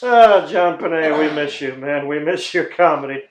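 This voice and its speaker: A high-pitched man with a rowdy, swearing way of talking, laughing often and slipping into angry ranting voices. He sounds like he is in a room with plenty of echo. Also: normal speed, a little hiss or hum. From Texas. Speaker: podcast co-host. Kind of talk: casual profane chat. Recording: roomy echo.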